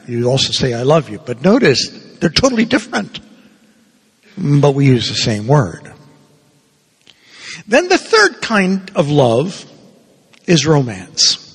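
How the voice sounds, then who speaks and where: A priest in his sixties giving a sermon, playful and animated, acting out little quotes as he goes. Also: on the high side, slow, long pauses, husky. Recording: reverberant hall.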